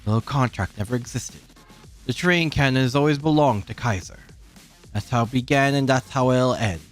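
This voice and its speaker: A streamer voicing a cold, smug corporate executive villain in a low, dismissive, curt manner. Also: moderate pace, soft background music, lightly acted.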